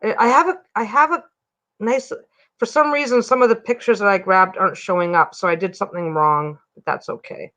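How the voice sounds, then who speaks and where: A woman with a medium-pitched, fairly bright voice talks fairly quickly on a casual home livestream. She's a chatty rambler who frequently stops herself mid-sentence.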